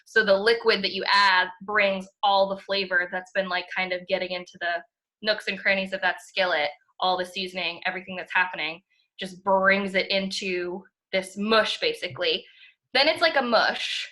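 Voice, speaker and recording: In this casual podcast chat, a young female co-host talks excitedly, leaning on fillers and dropping an occasional curse. She speaks at a moderate pace in a mid-range voice that stays steady, bright, and forceful.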